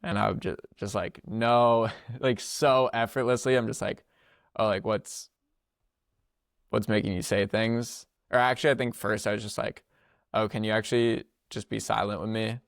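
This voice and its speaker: Low gravelly young man, rambling casually. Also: steady tone, moderate pace, no echo, studio quality. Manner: rambling, laughs often, filler-heavy slangy speech. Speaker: podcast co-host. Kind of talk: casual storytelling chat.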